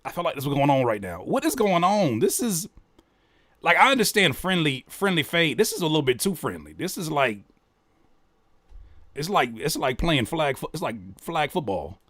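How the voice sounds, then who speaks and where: A man in casual reaction commentary whose high voice leaps all over the place. He cracks jokes and throws in profane slang. The sound is dry and close up. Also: moderate pace, no echo. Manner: animated, joking, rereads lyrics aloud. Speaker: reaction host.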